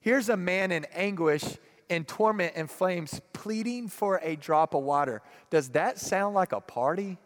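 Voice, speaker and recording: A man preaching a sermon and reading scripture aloud, moving between hushed, grave passages and fervent, emphatic ones. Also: high-pitched, unhurried. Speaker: pastor. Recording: long hall reverb.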